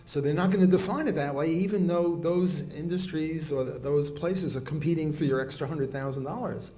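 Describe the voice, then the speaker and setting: Male economics lecturer, soft weak voice, a touch high; halting, rephrasing delivery, moving around the room with a pocket mic. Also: slight background noise. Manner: halting, often restarts and rephrases mid-sentence; walks around the room while talking. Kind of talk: classroom lecture. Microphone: recorder clipped on, kept in pocket.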